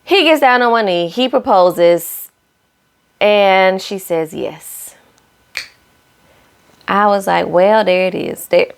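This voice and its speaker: A young woman recaps a reality dating show in a casual, sassy way, talking straight to her audience. Her voice sits in an ordinary middle pitch. She breaks into quick acted voices when she quotes what the cast said. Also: creaky, clear, resonant tone. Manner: sassy, talks straight to viewers; acts out cast lines in shifting voices.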